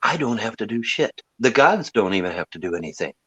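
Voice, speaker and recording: A man's voice: lowish voice, very animated, a little fast, sharp tone, husky, no room sound. A man ranting to his viewers in a sarcastic, mocking tone, leaning hard on sing-song emphasis. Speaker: livestream host. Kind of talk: ranting monologue. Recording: dull lo-fi sound.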